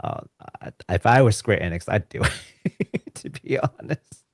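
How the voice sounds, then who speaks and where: Chill gaming podcast guy, kinda low voice, laughs a lot, dry mic. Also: expressive, gravelly, no room sound. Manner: laid-back, laughs easily, quick agreeing. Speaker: podcast co-host. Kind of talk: casual podcast chat.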